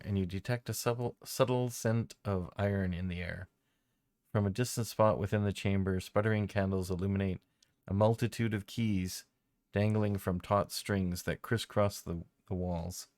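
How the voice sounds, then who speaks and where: A man narrating a tabletop game as game master in a relaxed, somewhat hesitant way. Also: fairly low pitch, dry recording, clean studio sound.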